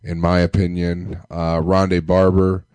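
A man hosting a casual sports fan podcast, talking while sick with a deep, congested voice and a loose, joking manner. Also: completely flat delivery, a little slow, a little mellow, clear, resonant tone, no room sound. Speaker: podcast host. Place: Tampa area.

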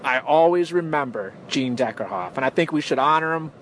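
Male caller, lively pitch, excited fan, faint traffic outside behind him. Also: fairly quick. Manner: excited, imitates radio calls. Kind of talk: recorded call-in message.

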